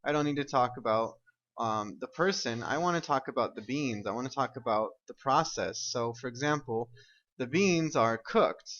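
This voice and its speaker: A man's voice: medium pitch, a little fast, fairly bright tone, dull audio. A man teaching an English grammar lesson, explaining step by step and often checking with "right?" and "okay?".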